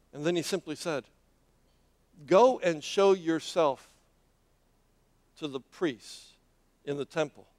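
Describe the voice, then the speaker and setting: High-voiced man preaching a story sermon. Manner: dramatic, with many hesitations and repeated words.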